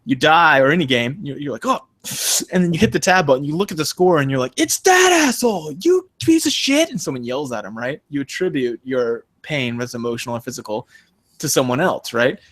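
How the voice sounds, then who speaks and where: Young man, podcast co-host, casual chat, animated storytelling, acts out quotes. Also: medium pitch, quick pace.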